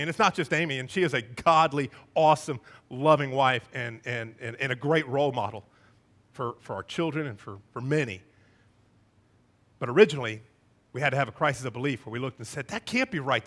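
A middle-aged man preaching a sermon as a church pastor, animated, acting out quoted voices with wide swings in pitch. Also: a little fast. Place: church sanctuary.

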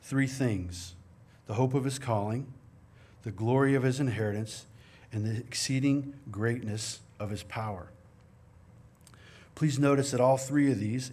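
A man's voice: medium pitch, unhurried, long pauses, darkish tone. A middle-aged man preaching a sermon in a church, earnest and conversational, mixing scripture reading with personal stories. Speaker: pastor. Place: church sanctuary.

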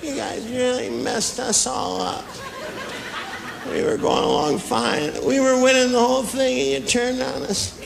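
A stand-up comedian in his act, playing a sloppy drunk man who holds a grudge and slurs, mumbles and bursts out loud. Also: extremely high pitch, lively intonation, unhurried, gravelly, heavily acted. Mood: grudging. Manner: slurring, mumbling, sudden loud outbursts. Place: comedy stage before a live audience. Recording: noisy live club with audience laughter. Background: crowd laughter.

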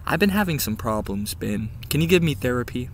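A young man vlogging in a goofy, comedic style, swinging between mock-serious mumbles and loud outbursts. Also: medium pitch, very animated, fairly quick, a little hiss or hum. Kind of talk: comedic casual vlog. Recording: background music.

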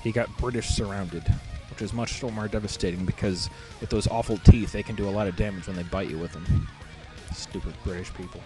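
A man's voice: fairly low pitch, fairly even intonation, brisk, music in the background. Profane joking male game commentator. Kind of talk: casual replay commentary.

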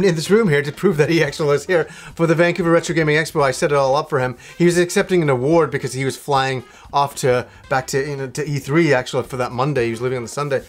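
A man chats to camera from a room in his home. His voice sits a little high, and he rambles with plenty of fillers and restarts. Faint music plays underneath. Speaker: video game vlogger. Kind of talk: casual chat to camera.

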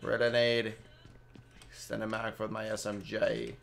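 A man's voice: on the low side, monotone, takes it slowly, creaky, a bit bright. A young Mexican-Canadian man casually rambling through live gameplay commentary and chatting with his viewers by name. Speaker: game streamer.

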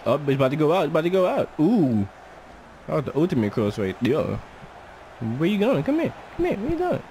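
A man giving excitable, joking commentary while playing a soccer video game, trash-talking the other side. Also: on the high side, brisk, slight background noise. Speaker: gamer. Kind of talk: casual gameplay commentary.

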